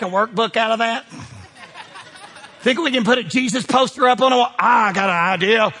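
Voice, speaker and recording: A man preaching a sermon, folksy and emphatic, dropping low and rising to shouts. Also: lively intonation, brisk, husky. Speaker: pastor.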